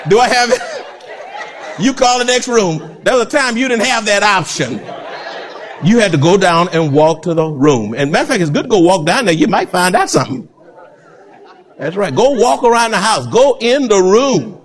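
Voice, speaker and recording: A man preaching a sermon, animated and laughing often, swinging between loud and soft. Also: high voice, normal speed, a faint crowd. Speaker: pastor.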